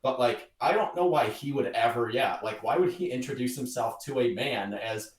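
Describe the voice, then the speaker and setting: A man's voice: mid-range voice, moderate pace, distant mic. Roomy off-mic man chatting. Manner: laughs often, acts out quoted lines. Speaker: podcast co-host. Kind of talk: casual chat.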